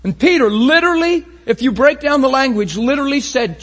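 A man preaching a sermon with great passion, often rising to a shout and acting out how his listeners would react. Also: very high voice, lively intonation, a little fast.

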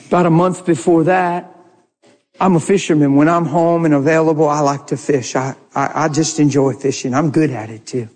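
Animated man preaching in a reverberant hall. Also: fairly high pitch, moderate pace, breathy edge. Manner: animated, laughing, folksy storyteller. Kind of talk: storytelling sermon.

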